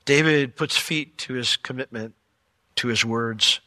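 Bright, lively-voiced pastor preaching. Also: male voice, medium pitch, measured pace, no room sound. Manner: animated, joking storyteller. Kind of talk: sermon.

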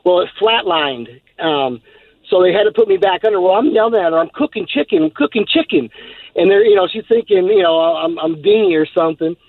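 A man's voice: high voice, brisk, no room sound. A male caller telling a long story on a radio show in a rambling, laughing way with many fillers, heard over a phone line. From Texas. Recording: tinny phone line, dry.

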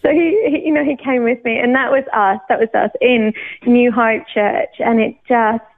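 A woman from England, telling her personal faith testimony in an animated way, laughing often and acting out her own thoughts. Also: on the high side, moderate pace, vocal fry. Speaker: churchgoer sharing her testimony. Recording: tinny phone-like sound.

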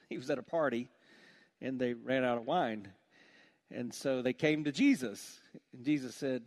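A man preaching a sermon with passion, dropping to a hushed voice on heavy points. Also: high-pitched. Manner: impassioned, drops to a hush on heavy points. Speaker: pastor.

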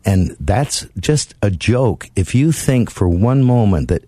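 A man's voice: lowish voice, very animated, slow, warm tone, breathy edge, no echo. A man hosting a car-buying talk radio show, chatting in an emphatic, storytelling way.

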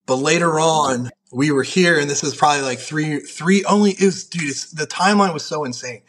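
Young male powerlifter, raised pitch, casual profane podcast talk, lots of fillers. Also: brisk, fairly bright tone. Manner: profane, rambling, heavy use of "like". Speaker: podcast guest, powerlifter and referee.

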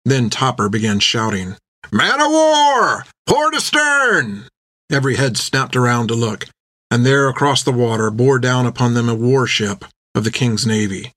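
A man reading a story aloud in steady, even narration on a close microphone. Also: mid-range voice, moderate pace, no room sound. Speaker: audiobook narrator.

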